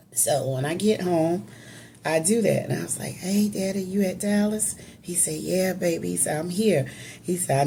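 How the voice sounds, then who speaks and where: Low gravelly woman telling a personal story. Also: warm tone, slight background noise.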